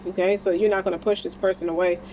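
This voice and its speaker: A woman's voice: fairly low pitch, little pitch movement, fast, mellow, a little hiss or hum, low-quality recording. A woman giving a casual spiritual tarot reading, talking in a blunt, slangy and encouraging way and swearing freely. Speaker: tarot card reader.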